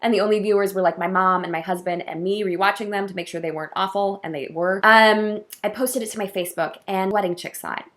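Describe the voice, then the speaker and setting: A woman who works as a wedding coordinator, talking to camera in a casual vlog, effusive and heartfelt with soft laughs. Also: mid-range voice, fairly even intonation, quick pace, few pauses.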